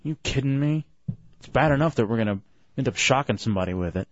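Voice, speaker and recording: A man hosting a radio show from the studio, fast and joking with callers and co-hosts. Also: mid-range voice, lively intonation, no room sound. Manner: brash, joking, fast patter. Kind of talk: casual radio banter. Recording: slightly muffled radio broadcast.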